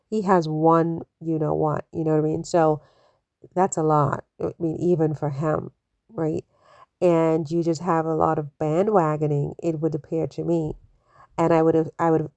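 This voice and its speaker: A woman's voice: sits low, gravelly, a little mellow, no room sound. A woman hosting an opinion commentary, skeptical, asking one rhetorical question after another with many fillers. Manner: skeptical, full of rhetorical questions and "you know"s. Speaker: commentary channel host.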